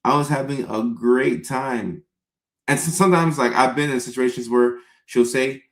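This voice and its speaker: A young adult man tells comic stories in an animated way, slipping into mock-pleading impressions mid-rant. His voice sits at a middle pitch. The sound carries a roomy echo. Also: normal speed. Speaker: comedian. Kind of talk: comedic live-stream rant.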